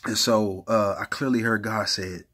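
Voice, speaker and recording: A man talking casually about faith and prayer, conversational and full of fillers, getting animated as he retells stories. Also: fairly low pitch, normal speed. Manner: conversational, uses many fillers like "you know what I'm saying"; gets animated and hyped when retelling stories. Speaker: faith speaker.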